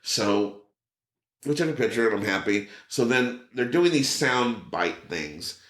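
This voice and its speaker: Animated male storyteller in a roomy space. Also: mid-range voice, unhurried. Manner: animated, acts out other people's lines; swears casually. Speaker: podcast guest. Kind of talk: casual storytelling. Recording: roomy echo.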